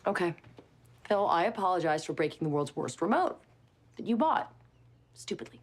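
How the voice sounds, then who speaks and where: A sharp, exasperated middle-aged mom with a clipped, sarcastic bite. Her voice rises and falls a lot. Faint noise sits underneath. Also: on the low side, very animated, normal speed.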